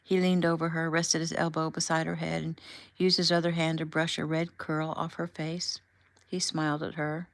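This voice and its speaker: Woman, author, casual audiobook narration, fairly low voice, dry close recording. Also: moderate pace, no echo. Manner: relaxed, conversational reading. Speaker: author reading her own book.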